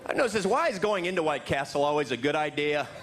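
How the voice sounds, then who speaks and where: A man doing stand-up comedy on a club stage, animated and jumping into loud high voices for his bits. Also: fast talker, noisy background. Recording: live club recording with crowd laughter. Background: laughing audience.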